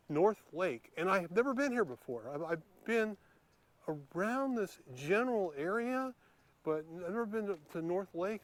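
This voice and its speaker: A man vlogging while he walks around a lake outdoors, talking casually with many fillers and restarts. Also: on the high side. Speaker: YouTube vlogger. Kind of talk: casual walking vlog. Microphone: handheld camera while filming.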